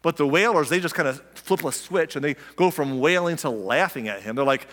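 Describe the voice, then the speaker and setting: A man delivering a sermon with a slightly high-pitched voice, talking to his listeners as if in a relaxed conversation. He keeps asking them questions and acts out the lines he quotes. His voice carries a long reverb from a large hall. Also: a little fast, hardly any pauses. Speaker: pastor.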